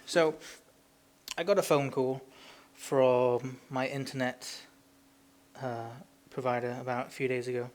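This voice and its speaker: A man's voice: mid-range voice, steady tone, measured pace, a little mellow. A young man with a British accent chats on an amateur podcast. He rambles, swears and rants about everyday annoyances, slipping into silly impressions along the way. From Britain. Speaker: podcast co-host. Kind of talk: casual chat.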